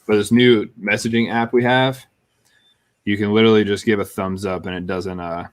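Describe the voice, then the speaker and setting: Laid-back low-voiced man telling stories. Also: fairly even intonation, moderate pace. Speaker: streamer. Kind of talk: casual gameplay chat.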